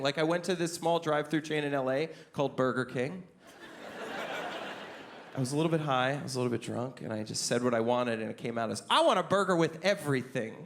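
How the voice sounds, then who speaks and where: Young guy doing stand-up, pretty high voice for a man, animated, leaps into squeaky excited bits, stage mic with a little hiss. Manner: animated storytelling, jumping into high excited voices for his own lines. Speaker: stand-up comedian. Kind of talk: stand-up comedy set. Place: comedy club stage.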